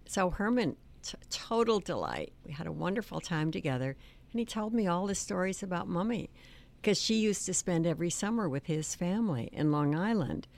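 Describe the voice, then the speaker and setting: An older woman telling family stories in an interview, hesitant and soft-spoken. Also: fairly low pitch, animated, fairly quick. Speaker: author and guest. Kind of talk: storytelling interview.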